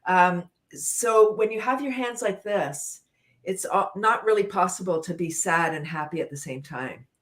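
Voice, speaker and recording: A woman's voice: fairly low pitch, measured pace. A woman guest leading laughter yoga exercises on a talk show, bubbly, laughing often and chanting and cheering along.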